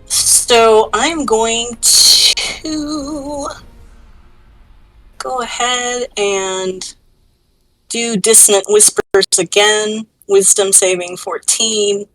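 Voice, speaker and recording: A woman's voice: a little high, steady tone, drawn-out words, fairly bright tone, soft background music, low-quality recording. A woman playing a tabletop game, chatting casually and hesitantly. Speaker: player.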